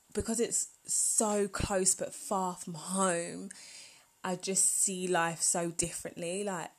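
A woman, hosting a solo podcast in a chatty, rambling, heartfelt way. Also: fairly low pitch. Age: 20s. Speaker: podcast host. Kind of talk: casual solo podcast talk.

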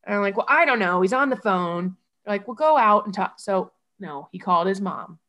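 A woman telling a painful personal story in an interview. She talks in halting bursts, with many restarts and quoted speech, and she sounds shaken. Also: medium pitch, lively intonation, a bit bright. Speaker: guest telling her story. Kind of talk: emotional personal account.

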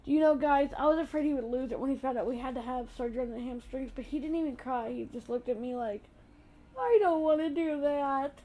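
A woman with a high voice hosts her podcast in casual chat. She is chatty and gushing, with an excitable way of talking. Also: fast, few pauses, poor audio. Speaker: podcast host.

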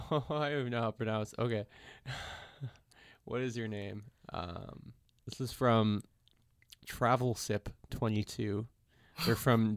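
A man's voice: medium pitch, no room sound. A man co-hosting a casual chat, reading reviews aloud with dry jokes. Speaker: podcast co-host.

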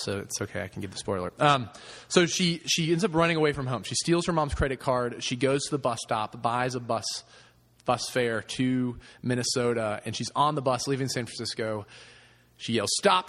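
A man's voice: mid-range voice, moderate pace, a bit bright. A man preaching a sermon in a casual, conversational way, with filler words. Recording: echoey hall with long reverb.

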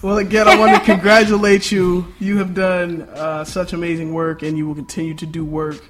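A man's voice: high voice, little pitch movement, a little fast, a bit bright. A man hosting a podcast in playful, casual chat, laughing easily. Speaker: podcast host.

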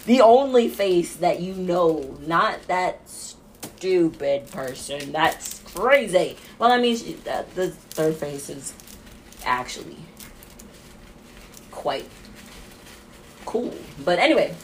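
A woman's voice: fairly low pitch, expressive, slow, a little hiss or hum. A young woman and mom rambling in a casual podcast monologue, jittery from too much coffee and laughing often. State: over-caffeinated jitters.

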